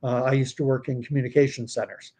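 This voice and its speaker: A man's voice: mid-range voice, steady tone, fast, dark tone. A man in his fifties from Canada, hosting a casual livestream and talking in a rambling, digressive way with many fillers and restarts. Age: 50s. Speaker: livestream host.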